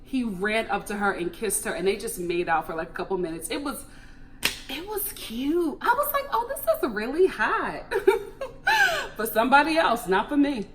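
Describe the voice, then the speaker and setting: A young woman chatting animatedly through a TV recap, breaking into laughs and jumping high in pitch for emphasis. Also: animated, a little fast, a bit bright, slight background noise. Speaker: TV recap vlogger.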